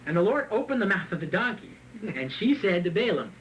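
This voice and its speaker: A man preaching a sermon, reading scripture and then retelling it in a joking, animated way with frequent laughs. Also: high voice, a little fast, a little hiss or hum, poor audio. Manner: animated, joking, laughs often at his own asides; reads scripture aloud and then retells it in plain talk. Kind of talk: sermon with Bible reading and commentary.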